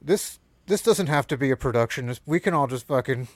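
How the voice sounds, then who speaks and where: A man's voice: mid-range voice, lively intonation, a little fast, no room sound, clean studio sound. A man from the Philadelphia area co-hosting a comedy podcast, joking and often restarting his sentences. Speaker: podcast co-host. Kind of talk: casual podcast chat.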